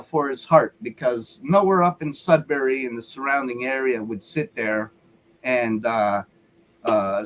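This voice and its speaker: Man, higher-pitched voice, angry live-stream rant, swearing, repeating himself. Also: rough recording. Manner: heated, profane, repeats himself. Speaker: featured speaker on a live call-in show.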